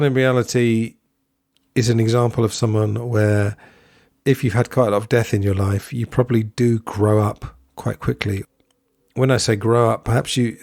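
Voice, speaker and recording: A podcast host with a lowish, slightly mellow voice gives a solo film review in studio quality with no room sound. He muses and digresses, adding asides along the way.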